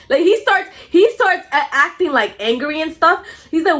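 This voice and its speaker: A young woman telling a storytime in a casual vlog, talking in an animated, blunt way, swearing freely and coughing now and then. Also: sits high, brisk, hardly any pauses. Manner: coughs often between phrases.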